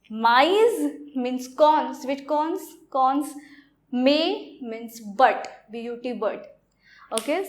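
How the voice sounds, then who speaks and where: A woman teaching a French lesson in a video lecture, halting and repetitive, often saying "okay". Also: high voice. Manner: halting, repeats words, says "okay" often.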